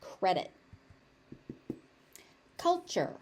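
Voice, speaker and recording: A woman's voice: a little high, expressive, takes it slowly, long pauses, mellow. A woman with a General American accent teaching pronunciation, saying each word several times and explaining the sounds. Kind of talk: pronunciation lesson with repeated words.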